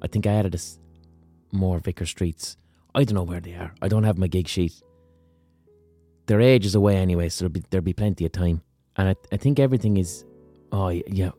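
A man's voice: low-pitched, warm tone. A man hosting a podcast in a casual monologue, swearing freely and ranting with self-mocking humour. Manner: profane, rants, self-mocking. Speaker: podcast host.

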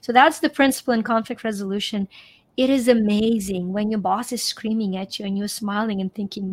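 A woman's voice: fairly high pitch, moderate pace. A middle-aged woman from Ukraine, a coach guest in an interview, talking expressively and repeating phrases for emphasis. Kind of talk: conversational interview.

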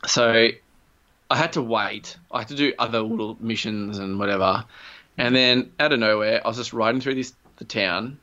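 A man's voice: mid-range voice, moderate pace, pushed and bright, muffled recording. A man, co-hosting a casual podcast and retelling a game story with lots of swearing and quoted voices. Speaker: podcast co-host.

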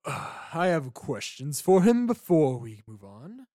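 A man narrating a tabletop game as game master, a lively storyteller. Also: on the high side, measured pace.

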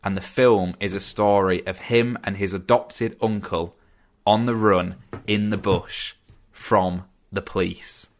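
Young man, low voice, casual podcast host, laid-back and chatty. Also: steady tone, slow. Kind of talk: casual film chat.

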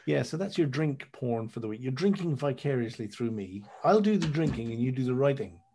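A man's voice: mid-range voice, animated, a little fast, warm tone, slight background noise. An Irish man chatting on a podcast, laid-back and jokey, swearing casually. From Ireland. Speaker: podcast guest. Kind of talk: casual chat.

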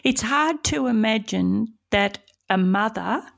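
A woman's voice: fairly high pitch, animated, takes it slowly, creaky. A woman host reflecting on a guest's story, searching for words as she goes. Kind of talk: interview conversation.

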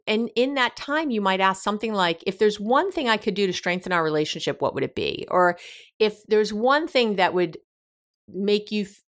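A woman therapist hosting an advice show, talking through example conversations with frequent restarts and acted-out questions. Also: medium pitch. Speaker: therapist host. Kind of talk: advice podcast talk.

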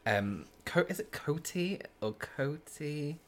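A man's voice: on the high side, expressive, slow. Gushing chatty man. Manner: gushing, chatty, laughs often. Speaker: podcast co-host. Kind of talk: casual chat.

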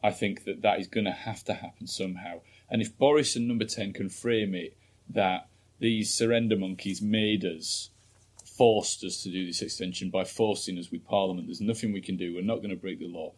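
A man's voice: low voice, steady tone, moderate pace, breathy edge. A man co-hosting a podcast, joking and rambling through casual political chat. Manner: jokey, rambling, full of restarts. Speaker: podcast co-host.

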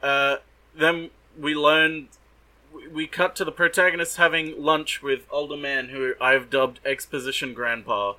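Podcast co-host, man, bright tone, dry mocking recap style. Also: on the high side, steady tone, unhurried, poor audio. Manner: sardonic, swears, mock-voices characters. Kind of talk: casual recap chat.

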